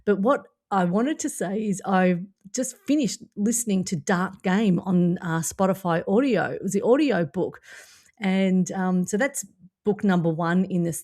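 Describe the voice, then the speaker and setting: A woman from Australia with an Australian accent, hosting a podcast in casual, enthusiastic chat. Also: mid-range voice. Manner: enthusiastic, warm praise, laughs often. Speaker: podcast host.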